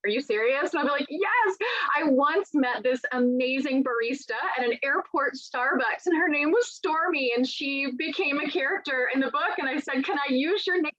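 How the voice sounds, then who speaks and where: A middle-aged woman author in a conversational interview, telling lively stories and acting out quoted dialogue. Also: high-pitched, moderate pace, hardly any pauses. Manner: animated storyteller, acts out quoted dialogue. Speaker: author guest. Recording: dull, lo-fi sound.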